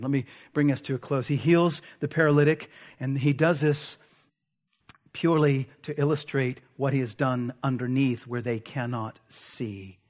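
A man's voice: mid-range voice, fairly even intonation, moderate pace, darkish tone. A man preaching a sermon, explaining a text closely with rhetorical asides. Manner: expository, dwells on words, rhetorical asides.

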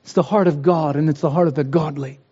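A man with a high, mellow voice preaches a sermon with earnest conviction, his voice swelling at times into impassioned pleas. The sound is dull and lo-fi, with a long reverb trailing through a large hall. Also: fairly even intonation, quick pace, breathy edge.

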